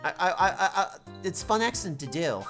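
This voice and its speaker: Woman streamer chatting over a game, low voice but bouncing all over, music under it. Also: big pitch swings, normal speed. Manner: chatty, self-deprecating, swears. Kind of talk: casual gaming livestream, reading lines aloud.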